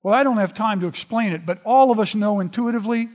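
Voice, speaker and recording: A man preaching a sermon, retelling scripture in a relaxed, conversational storytelling way. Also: high voice, fast. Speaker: pastor. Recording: long reverb of a large hall.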